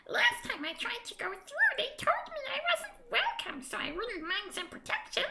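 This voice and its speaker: A woman voicing a tiny, cheeky male sprite with wings, in a squeaky, chirpy voice for a gamebook read aloud on stream. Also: huge pitch swings, normal speed, very noisy, full character voice. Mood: chirpy, eager.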